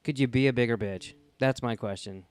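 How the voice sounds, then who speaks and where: A man's voice: mid-range voice, brisk, clean tone, no room sound. A young man co-hosting a casual podcast, retelling a TV episode with swearing and little acted-out quotes. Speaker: podcast co-host. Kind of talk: casual chat.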